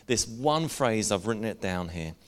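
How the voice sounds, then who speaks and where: A man's voice: fairly low pitch, animated, normal speed. A middle-aged man, preaching a sermon in an earnest, conversational way and sharing personal stories. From Northern Ireland. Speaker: pastor.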